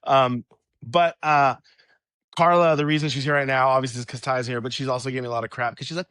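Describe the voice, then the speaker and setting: Male podcast host, mid pitch, dry booth sound; loose teasing banter, pokes fun at himself. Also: fairly bright tone, no echo. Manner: joking, self-deprecating, quick teasing banter. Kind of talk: casual chat.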